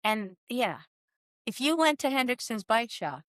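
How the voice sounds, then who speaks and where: A bright, fairly high-voiced woman in her sixties tells stories in a casual podcast conversation. She is animated, acts out the voices she quotes and laughs often. The sound is close and dry. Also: a little slow, no room sound. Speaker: guest, former team soigneur. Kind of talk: casual storytelling in a podcast interview.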